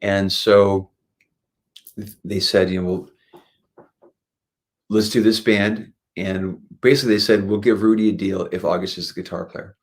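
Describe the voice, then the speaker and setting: Speaking low and at a measured pace with frequent pauses, this singer-guitarist rambles through stories as a guest in a relaxed interview, often restarting and using fillers. He perks up and gets lively whenever he's recounting an anecdote.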